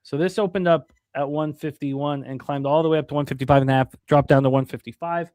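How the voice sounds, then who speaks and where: A man co-hosting a sports betting show, running quickly through odds and percentages with frequent fillers in a casual way. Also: a little high, steady tone, darkish tone, no echo. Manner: reads odds and numbers quickly, many fillers.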